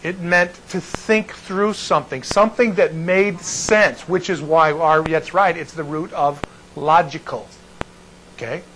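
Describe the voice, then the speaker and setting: A man's voice: on the high side, fairly even intonation, measured pace, fairly bright tone, a little hiss or hum, low-quality recording. A man teaching a Bible class, digressing and breaking off mid-sentence while checking in with his students.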